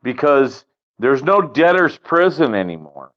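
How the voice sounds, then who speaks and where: Slow, blunt man on a dull line. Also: medium pitch, sing-song. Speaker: guest. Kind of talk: casual chat over a call. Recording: dull lo-fi call audio.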